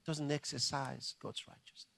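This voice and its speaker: A male pastor preaching a sermon with animated, dramatic storytelling. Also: mid-range voice, moderate pace, gravelly, husky.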